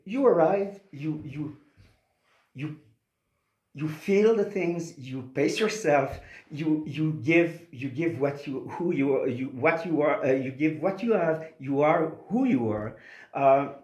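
A man's voice: a little high, expressive, a little mellow, roomy sound. A man with a Québécois French accent, a native French speaker and opera singer, speaking in an interview with many hesitant restarts. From Quebec. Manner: halting, many restarts and fillers. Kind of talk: interview conversation.

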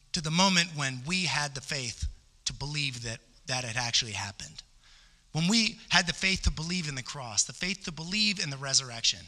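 A man's voice: on the high side, bright, forceful tone. Guy preaching a sermon, fired up and repeating himself for emphasis, voice ringing around a big church. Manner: impassioned, rising to emphatic peaks and repeating phrases. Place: church sanctuary. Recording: long church hall reverb.

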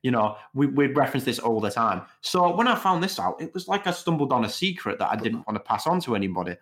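A man's voice: medium pitch, big pitch swings, fast, a bit bright. A young man in his twenties co-hosting a podcast, chatting casually and rambling with lots of hesitations. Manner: rambling, hesitant, many "you know"s. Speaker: podcast co-host. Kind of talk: casual chat.

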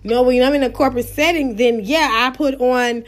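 A woman hosting a chat show on an app, with a high voice. She talks bluntly and emphatically. Her speech is full of street slang. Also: steady tone, fairly quick, faint music behind. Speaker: host of an app radio show. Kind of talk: casual live-audio chat.

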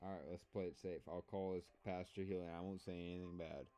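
A man co-hosting a podcast, excitable and stammering in casual banter. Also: low voice, fast. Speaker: podcast co-host. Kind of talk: casual banter, prank calling.

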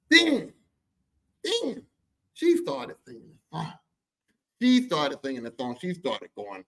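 High-voiced man telling a profane story. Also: brisk. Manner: animated, profane, shifts into character voices. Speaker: podcast host. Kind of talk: comic personal storytelling.

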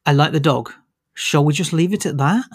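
A man reviewing films in a casual podcast chat, griping with an animated, exasperated manner and many stammered restarts. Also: fairly high pitch, moderate pace, slightly rough, dry recording, studio quality. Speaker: film reviewer.

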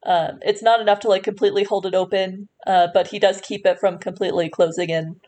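A woman's voice: mid-range voice, steady tone, fast, darkish tone. A woman running a tabletop game as game master, narrating scenes with fillers and restarts.

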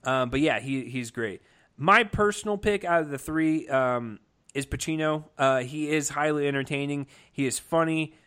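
A man's voice: on the high side, moderate pace, a bit bright, clean tone. A man giving a casual, enthusiastic movie review, talking with lots of fillers and restarts. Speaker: film reviewer.

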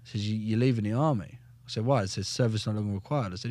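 In a casual podcast chat, a young man who once served as a soldier tells his story bluntly, cursing constantly and reliving it with energy. He talks fast in a lowish voice, and the recording carries no echo.

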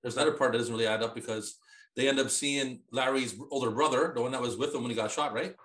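A man's voice: mid-range voice, fairly even intonation, fast, fairly bright tone. A man chatting casually about a movie, swearing freely and acting out quotes with animation. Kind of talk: casual movie discussion chat. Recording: roomy echo with faint noise.

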